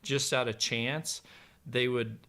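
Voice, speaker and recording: A former pro archer, now a podcast guest, unspools relaxed anecdotes slowly and loosely, with many fillers. The middle-aged man's voice is smooth and resonant, sitting in an ordinary middle pitch.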